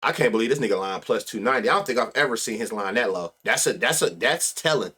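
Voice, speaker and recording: A man's voice: mid-range voice, lively intonation, fast, bright, forceful tone, slightly rough. A man hosting a live sports betting stream, reading stats and riffing loosely with plenty of profanity. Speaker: sports betting show host.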